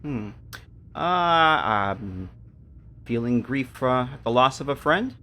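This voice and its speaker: A man's voice: medium pitch, expressive, takes it slowly, sharp tone. A man giving casual, joking commentary while streaming a game, often stumbling over his words.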